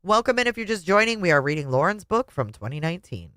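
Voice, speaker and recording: Expressive woman reading a memoir aloud. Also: on the low side, quick pace, dry recording. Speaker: book reviewer.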